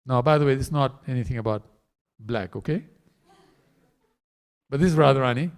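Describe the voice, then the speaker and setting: A man preaching a storytelling sermon in a temple hall, acting out the characters with animated delivery. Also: mid-range voice, fairly quick.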